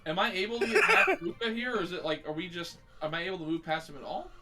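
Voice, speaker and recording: A man playing a tabletop game, lively and laughing as he thinks aloud. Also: high voice, quick pace, loud music behind the voice, low-quality recording. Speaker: player. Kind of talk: casual tabletop chat.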